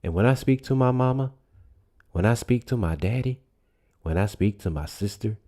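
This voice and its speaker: Man putting on a smug, stubborn bigot; low voice, bouncing sing-song taunt. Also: animated, normal speed, dark tone, lightly acted. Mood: smug mocking. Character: smug bigoted male political voter, stubborn. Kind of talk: mocking impression.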